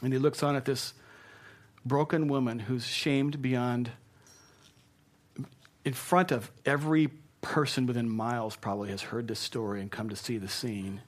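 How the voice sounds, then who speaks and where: A man preaching a sermon as pastor, earnest and emphatic, dropping soft for tender points. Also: medium pitch, normal speed.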